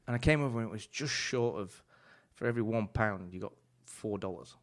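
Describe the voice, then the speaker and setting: A man, a chef and podcast guest telling animated anecdotes in a casual chat, full of swearing and restarts. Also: fairly low pitch, fairly quick.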